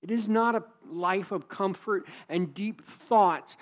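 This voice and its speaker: A man's voice: high voice, slow. A man preaching a sermon as pastor, earnest and emphatic, leaning hard on key words.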